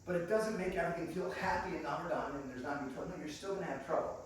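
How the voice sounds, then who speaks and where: A man preaches with lively, enthusiastic warmth, laughing and addressing the congregation as friends. His voice sits a bit high. The sound comes from a distance with heavy church-hall echo and a faint hiss behind it. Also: very fast. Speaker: guest preacher. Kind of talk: sermon. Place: church sanctuary. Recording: echoey room picked up from a distance.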